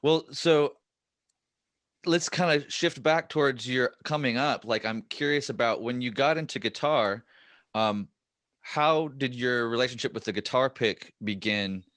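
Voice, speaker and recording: A man's voice: mid-range voice, unhurried, a bit bright, no room sound. A man hosting a podcast, chatting and telling stories animatedly with plenty of fillers. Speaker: podcast host. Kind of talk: casual podcast interview.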